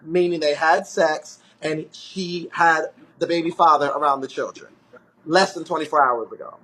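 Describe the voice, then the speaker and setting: A man's voice: on the high side, fairly even intonation, normal speed, pushed and bright. A man hosting a casual livestream, talking emphatically and bluntly to viewers and a guest. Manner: emphatic, blunt and profane, often addresses viewers. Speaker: livestream host.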